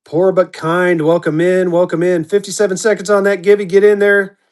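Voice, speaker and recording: A man running a live-stream auction, chatty and upbeat, slipping into a quick auctioneer chant, his voice going hoarse. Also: sits high, flat delivery. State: losing his voice.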